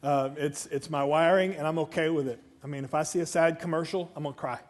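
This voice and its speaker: A man's voice: a little high, steady tone, fast talker. A man preaching a conversational sermon as a pastor, chatty and self-deprecating, with joking asides to the congregation. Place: church.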